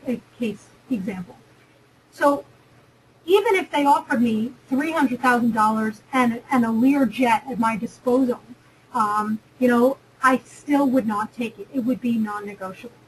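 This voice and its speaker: A woman's voice: a little high, fairly bright tone, a little hiss or hum, rough recording. A woman from New Jersey giving a chatty, emphatic webinar lecture on negotiation, often repeating and restarting phrases. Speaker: career webinar presenter.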